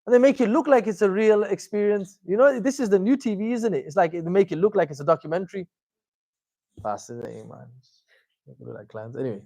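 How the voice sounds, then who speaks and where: High-voiced man giving a lively religious talk. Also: fast, vocal fry, dry recording. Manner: animated, conversational, many fillers and asides. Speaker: Islamic teacher giving a talk. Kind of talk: informal religious lecture.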